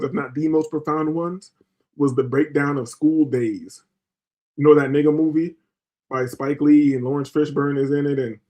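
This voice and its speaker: A man's voice: a little high, darkish tone. A man hosting a livestream, ranting in a profane, fired-up way and repeatedly asking rhetorical questions. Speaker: livestream host. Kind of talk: heated livestream rant.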